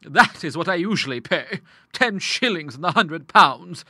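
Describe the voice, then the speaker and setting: A man's voice: on the high side, expressive, measured pace, bright, forceful tone, no echo, studio quality, heavily acted. A man reading an audiobook, voicing a stern, grim middle-aged woman who speaks severely and with scornful emphasis. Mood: businesslike.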